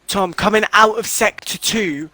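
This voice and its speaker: A young man co-commentating an online racing league, animated and emotional, crying out at big moments. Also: high voice, unhurried, dry recording.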